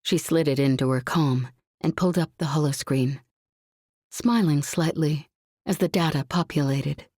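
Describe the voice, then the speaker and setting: A woman narrating a suspenseful science fiction audiobook in a measured, tense reading. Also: deep voice, darkish tone, no room sound, clean studio sound.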